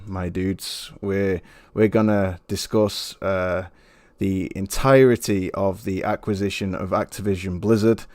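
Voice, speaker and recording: A man's voice: lowish voice, no echo, clean studio sound. A man hosting a gaming podcast, hyped and slangy, with plenty of fillers. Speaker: podcast host. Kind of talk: casual podcast intro.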